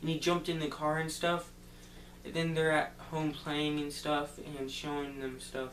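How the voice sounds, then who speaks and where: Speaking slowly in a monotone, a man who reviews movies gives a rambling, casual recap of a film, filling it with "like" and "um." His voice is slightly high with a fairly bright tone, captured by a distant mic in an echoey room with a faint hum.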